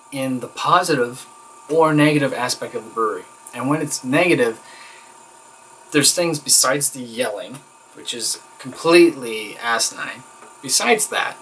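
A man's voice: medium pitch, bright, forceful tone, a little hiss or hum, poor audio. A man talking straight to camera in a casual vlog, candid and rambling, venting with plenty of fillers and an exasperated edge. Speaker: vlogger.

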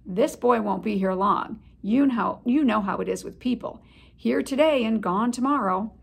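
A woman's voice: a little high, moderate pace, creaky, breathy edge. A woman reading aloud, voicing a cautious, bossy old male mouse with a stern manner.

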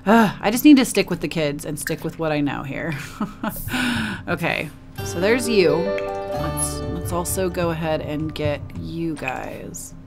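A woman's voice: low voice, lively intonation, measured pace, gravelly, music in the background. A woman casually narrating a life-simulation game, chatty and emotive, cooing at her characters. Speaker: gaming video host. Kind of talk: casual let's play commentary.

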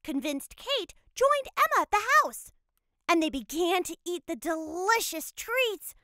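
A cheerful cat mother telling a cartoon storybook tale, her voice very high, bright and lively as it rises and falls. She narrates with unhurried playfulness, close and dry. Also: no room sound, exaggerated voice.

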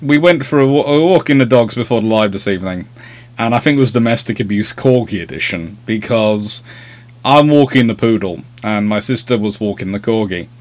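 A man's voice: fairly low pitch, expressive, fairly quick, a little mellow. Chatty man rambling through anecdotes. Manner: chatty, rambling anecdotes, self-deprecating humour. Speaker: host of a naval history livestream. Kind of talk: casual livestream chat.

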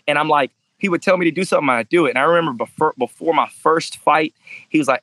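A man's voice: on the high side, quick pace, fairly bright tone, no room sound, poor audio. A man who fights professionally, telling stories in a casual interview with intensity and freely dropped swear words. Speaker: MMA fighter, interview guest.

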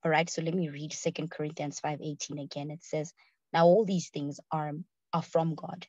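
A woman giving an earnest, fast-paced sermon, often pausing with fillers to check that listeners follow. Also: deep voice, fairly even intonation, a little mellow, husky, dry recording, lo-fi sound. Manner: earnest, quick-talking with frequent fillers and checks for understanding. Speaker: speaker at a ministry session. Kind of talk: sermon, teaching scripture.

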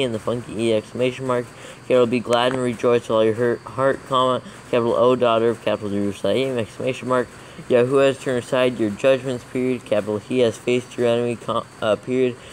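Man, mid-pitched, flat delivery, methodical proofreading dictation. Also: a little hiss or hum, poor audio. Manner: steady, monotone dictation, calling out capitals and commas. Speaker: proofreader reading scripture aloud. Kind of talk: dictating text with spoken punctuation.

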